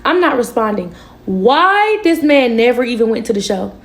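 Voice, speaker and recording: A woman with a somewhat high voice tells a personal story to her viewers. She speaks casually and candidly, full of slang, and keeps the telling animated. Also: moderate pace, roomy sound. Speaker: storytime vlogger.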